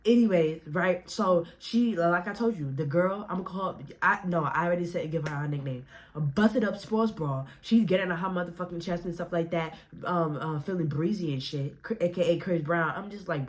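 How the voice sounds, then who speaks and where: A young woman with a notably low voice tells a story to her viewers in a casual rant. She talks brash and profane, with plenty of animation and attitude. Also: moderate pace, a bit bright. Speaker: vlogger.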